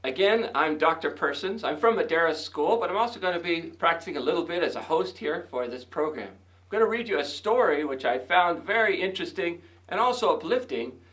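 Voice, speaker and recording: A male educator hosting and reading a children's story aloud, chatting gently to the kids between pages. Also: fairly high pitch, expressive, brisk.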